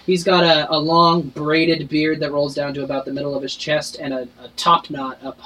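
A man's voice: fairly high pitch, level tone, moderate pace, pushed and bright, rough recording. A man narrating as game master in a tabletop game, casual and rambling. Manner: casual, rambling, many fillers and restarts.

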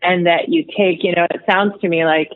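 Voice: medium pitch, fairly even intonation, normal speed, no room sound. A podcast host reflecting thoughtfully on a guest's story in long, affirming sentences. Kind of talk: reflective interview talk. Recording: dry phone-like line.

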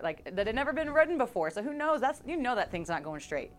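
A woman pastor preaching a conversational sermon to her congregation, animated and playful, acting out scenes with sound effects. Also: on the high side, fast, hardly any pauses, faint music behind. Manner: conversational, direct address to congregation.

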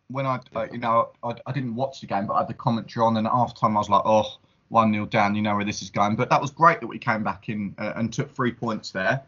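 A man's voice: mid-range voice, pushed and bright, highs cut off. A man hosting a podcast, easygoing and steering the talk over a home mic on a call. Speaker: podcast host. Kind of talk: casual chat.

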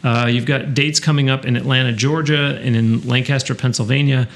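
A man's voice: medium pitch, steady tone, brisk, vocal fry. A man from Western New York hosting a podcast interview, chatty and rambling, with frequent restarts. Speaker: podcast host. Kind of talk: casual interview and show announcements.

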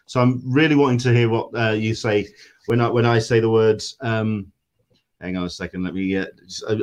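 A man hosting a casual interview, who asks questions in a friendly, chatty way with hesitant fillers. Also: mid-range voice. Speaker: interviewer, host.

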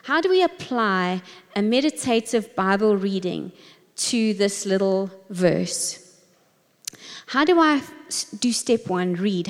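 Slow, gentle woman teaching devotion. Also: mid-range voice, big-room sound. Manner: slow, gentle and reflective, pondering word by word. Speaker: Bible teacher.

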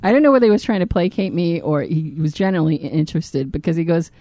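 Animated, profane woman telling a story. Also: mid-range voice, quick pace, few pauses, no room sound, studio quality. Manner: profane, animated storytelling with big vocal swings. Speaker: podcast co-host. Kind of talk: casual comedic chat.

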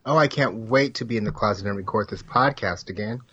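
A man's voice: on the low side, brisk, pushed and bright, breathy edge, dull audio. A man co-hosting a comedy podcast remotely, talking in a blunt, dry, offhand way. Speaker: podcast co-host. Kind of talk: casual comedic chat.

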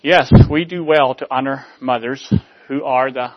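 A man delivering a sermon in a measured, rhetorical way, letting line endings fall soft. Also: medium pitch, highs cut off. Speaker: preacher.

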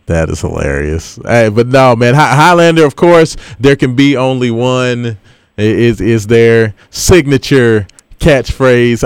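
A man's voice: mid-range voice, clear, resonant tone, no echo. A man hosting a morning radio show, chatting casually and laughing often. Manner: laughs often, enthusiastic fan talk. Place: radio studio.

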